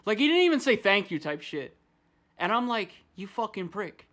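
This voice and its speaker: A man's voice: sits high, sing-song, moderate pace, a bit bright. A man hosting a podcast, ranting in loose, profane casual chat. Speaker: podcast host.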